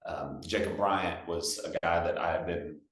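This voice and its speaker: A young man from Texas, a singer-songwriter guest, telling stories in a relaxed, chatty way with lots of fillers. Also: low-pitched, moderate pace. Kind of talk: casual storytelling. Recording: roomy echo.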